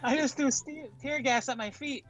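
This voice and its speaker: A man's voice: very high voice, normal speed, a bit bright, dull audio, faint music behind. A man chatting while playing an online game with a friend, joking, exclaiming and laughing often. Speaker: gamer. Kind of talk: casual gaming chat.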